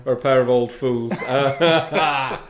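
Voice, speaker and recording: Speaking slowly at a medium pitch, this man from Ireland co-hosts a live stream about a hobby, reading out viewer comments in relaxed chat and laughing readily. There's audible room echo and faint background noise.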